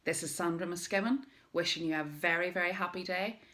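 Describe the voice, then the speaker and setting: A middle-aged woman who runs a direct-sales business, telling a personal story to camera as motivation. She tells it in a lively, emphatic way, with dramatic pauses. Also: fairly low pitch.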